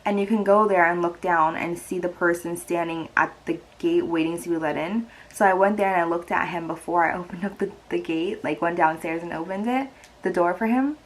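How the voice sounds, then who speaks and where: A woman's voice: lowish voice, a little fast, rough recording. Chatty young woman telling a tearful story. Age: 20s. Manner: chatty, heavy use of "like", emotional and teary. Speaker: vlogger. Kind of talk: casual storytime.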